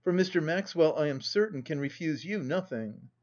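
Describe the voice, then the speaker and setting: A man's voice: on the high side, normal speed, highs cut off, lightly acted. A man doing a glib, assured young suitor. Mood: pleading. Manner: pleading, flattering, overly assured.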